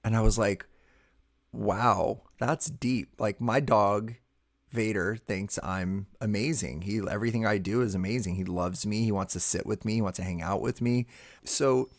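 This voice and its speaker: A man with a low voice talks through a casual podcast conversation. He is animated and teasing, and his pitch leaps high when he laughs. He switches between earnest advice and joking asides. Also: normal speed. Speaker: podcast host.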